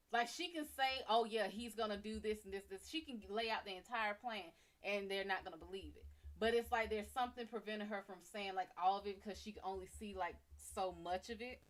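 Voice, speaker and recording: A woman host retelling a myth on a livestream in a slangy, profane, animated way. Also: medium pitch, moderate pace. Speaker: psychic reader and host. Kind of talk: casual livestream storytelling.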